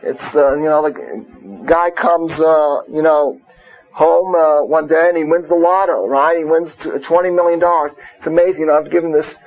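High-voiced husky man teaching Torah. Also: normal speed. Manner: conversational, frequent rhetorical questions and "right?"; mixes Hebrew and Yiddish terms into English. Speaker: rabbi teaching a Torah class. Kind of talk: informal Torah lecture. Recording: muffled lo-fi recording.

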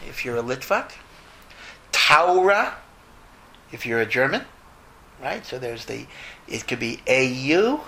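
Bright-voiced rabbi explaining. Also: male voice, mid-range voice, creaky, slight background noise, low-quality recording. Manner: thoughtful, lively, mixes Hebrew and Yiddish terms. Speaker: rabbi answering questions. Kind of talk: informal Q&A talk.

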